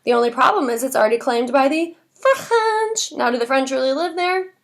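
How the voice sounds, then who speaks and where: High-voiced animated woman teacher. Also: normal speed. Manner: animated, repeats words in a chanting memory drill. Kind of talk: classroom history lesson.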